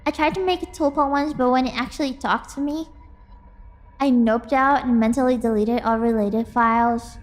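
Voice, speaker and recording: A woman streamer chatting casually with her viewers, excitable and quick to laugh. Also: high voice. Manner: excitable, bursts into squealing and laughter. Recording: faint music in the background.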